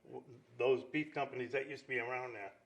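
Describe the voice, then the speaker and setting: A man, telling lively neighborhood stories in a casual chat. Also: medium pitch, brisk, creaky. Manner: lively storyteller, acts out quoted dialogue. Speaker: guest storyteller.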